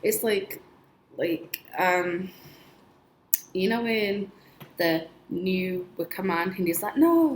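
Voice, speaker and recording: Chatty young woman in an echoey room. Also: on the low side. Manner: chatty, rambling, laughs often, lots of "like". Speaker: vlogger. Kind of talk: casual storytelling. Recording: echoey room with faint noise.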